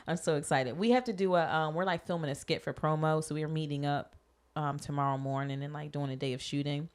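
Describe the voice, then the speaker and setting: A young adult woman co-hosting a podcast, chatting casually and telling stories with animated quoted voices. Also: low-pitched, fairly quick, smooth. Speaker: podcast co-host. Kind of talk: casual chat.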